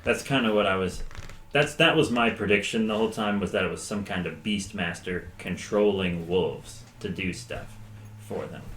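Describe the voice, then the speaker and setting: A man's voice: low voice, normal speed, a bit bright. Joking man in an echoey, noisy room. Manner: joking, riffing. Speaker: player recapping a session. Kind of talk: casual podcast chat.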